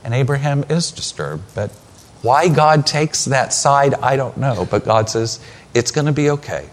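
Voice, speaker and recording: A man preaching a sermon, retelling scripture as a story with dramatic pauses. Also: medium pitch, animated.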